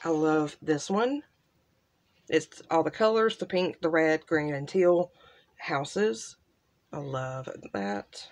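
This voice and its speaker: A woman hosting a casual crafting unboxing, gushing softly and trailing off into quiet asides. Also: low voice, expressive, slow pace. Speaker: crafting channel host. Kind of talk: casual unboxing show-and-tell.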